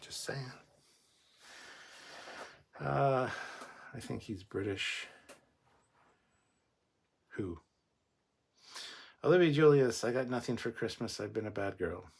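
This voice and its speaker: Speaking slowly with a creaky, slightly rough medium-pitched voice, a man hosts a livestream and pauses often. He jokes and chats casually as he reads viewer comments aloud, rambling and restarting as he goes.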